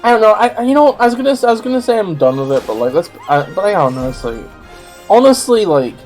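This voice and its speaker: A man's voice: sits high, very animated, fast talker, darkish tone, soft background music. A man co-hosting a casual gameplay stream, rambling and opinionated, often correcting himself mid-sentence. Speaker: streamer co-host.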